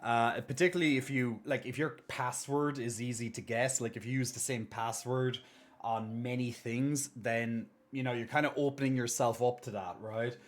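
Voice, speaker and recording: A man's voice: mid-range voice, fairly even intonation, moderate pace. A man live-streaming, chatting casually and reassuring viewers as he reads their messages and thanks subscribers.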